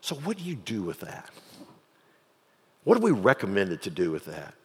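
A male pastor preaching a sermon, swinging from quiet reflection to loud, fervent pleading. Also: on the low side, wildly swooping pitch, moderate pace, vocal fry, breathy edge. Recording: long hall reverb.

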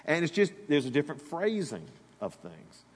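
The long echo of a big hall fills this recording of a pastor from Alabama, whose fairly high, slightly rough voice moves at a normal speed. He preaches in a lively, talky style, speaking directly to his congregation with frequent asides.

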